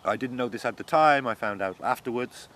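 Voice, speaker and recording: A man's voice: medium pitch, a little fast, fairly bright tone. A man being interviewed, giving an earnest and shaken first-person account of his arrest, growing agitated as he goes on. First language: not German.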